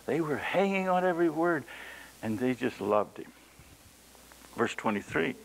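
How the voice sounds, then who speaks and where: A man's voice: medium pitch, animated, measured pace, vocal fry, pauses often, rough recording. A man preaching a sermon, telling stories dramatically and reading scripture aloud, his voice rising for emphasis. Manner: dramatic storytelling, voice rises for emphasis; reads scripture in old King James wording.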